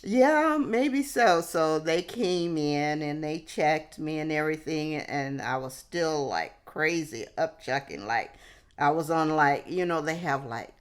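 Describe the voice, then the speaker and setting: A woman vlogger telling a personal story to camera in a halting way, often restarting and dropping in "hey". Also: sits low, clear, resonant tone.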